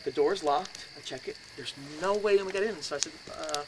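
Man, middle-aged, slightly high voice, storyteller who whispers and shouts the quotes; noisy live recording with crickets behind. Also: a little fast. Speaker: speaker telling a ghost story. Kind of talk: animated storytelling to an audience. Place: indoors, house.

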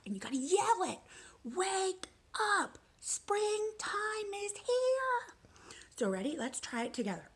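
A young woman teacher reading a picture book aloud to young children, soft and sing-song. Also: mid-range voice, husky. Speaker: preschool teacher.

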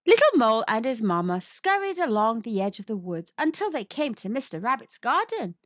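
A woman reading a children's storybook aloud in a slow, sing-song, expressive way. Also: on the high side, no echo. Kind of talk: children's read-aloud narration. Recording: dull lo-fi sound.

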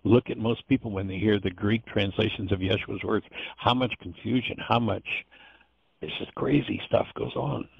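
A man with a low, gravelly, husky voice teaches an informal course in an earnest, rambling way, often stumbling and restarting as he talks. The sound is dull and lo-fi, like call audio, and very dry. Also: steady tone, normal speed, no echo.

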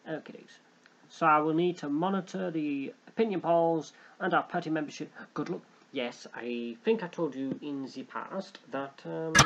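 A man's voice: on the high side, creaky, highs cut off, slight background noise. A young man hosting a let's play, joking and rambling as he reads game text aloud. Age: young adult. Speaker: gaming channel host.

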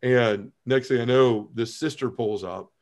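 Earnest man telling his testimony. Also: a little mellow. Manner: earnest storytelling, halting restarts, drops low when emotional. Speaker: podcast guest. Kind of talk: personal testimony in conversation.

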